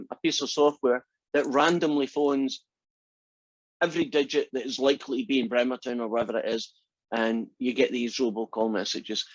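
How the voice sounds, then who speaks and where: A male instructor lecturing to a class in a chatty, joking way. His voice is a little husky, and the recording sounds dry and dull, like lo-fi classroom audio. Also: mid-range voice, no room sound. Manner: chatty, tells jokes with asides. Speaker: math instructor.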